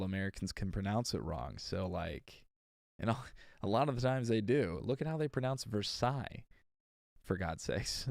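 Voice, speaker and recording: On a livestream, a man records an audiobook in a low-ish, creaky voice, reading slowly and redoing takes. Between them he chats casually and makes exasperated asides. The recording is dry and studio quality.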